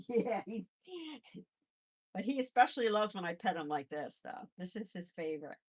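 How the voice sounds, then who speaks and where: A woman's voice: medium pitch, expressive, moderate pace, breathy edge. A woman hosting a casual live chat, handling her pets and cooing to them in baby talk between replies to viewers. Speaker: live-stream host and rabbit foster carer.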